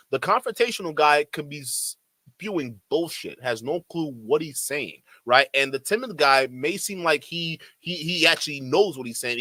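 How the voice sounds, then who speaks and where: Guy ranting on his stream, swears a lot, bright forceful voice, dry close sound. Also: a little high, dry recording. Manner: heated, profane, rapid-fire, with mocking quoted voices. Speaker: streamer reacting to a debate clip. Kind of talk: live-stream commentary.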